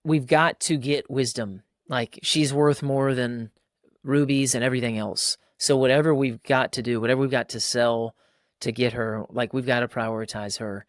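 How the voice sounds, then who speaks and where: A man speaking in casual podcast conversation, earnest and direct, with a pastor's conviction. His voice sits at an ordinary middle pitch and is recorded close and dry. He slips into lively raised voices when quoting others. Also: normal speed, no echo. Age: adult father of young boys. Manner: earnest, acts out quoted dialogue in a raised voice.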